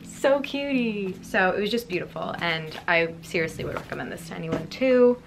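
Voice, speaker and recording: A young woman vlogging about books in a casual, rambling way, full of fillers and quick emotion. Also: lowish voice, animated, gravelly, music in the background. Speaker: book YouTuber. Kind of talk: casual chatty vlog.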